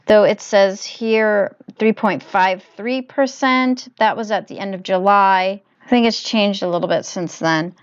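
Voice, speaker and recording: A woman hosting her own investing channel, narrating a screen-capture walkthrough in a measured, explanatory way. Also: mid-range voice, clean tone, dry recording, dull audio. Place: home desk, voice recorded on laptop.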